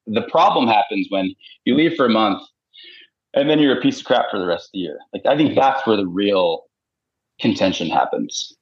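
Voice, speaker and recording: A man's voice: lowish voice, moderate pace. A man in his thirties from Utah, a hunter and podcast guest, chatting casually with lots of "like" and acted-out quotes. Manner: rambling and animated, heavy filler "like", acts out quoted voices. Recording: slightly dull lo-fi podcast audio.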